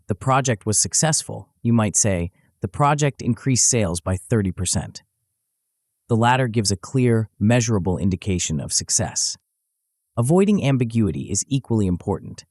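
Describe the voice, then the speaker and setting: A man narrating a self-help audiobook in a measured, instructional way, close to the mic. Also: on the low side, dry recording. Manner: even, measured instructional delivery.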